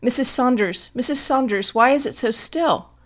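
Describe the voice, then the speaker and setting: A woman reading an audiobook, voicing a terrified young mother who pleads in high, loud, stammering bursts. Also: measured pace. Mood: frantic pleading. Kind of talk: audiobook character voice.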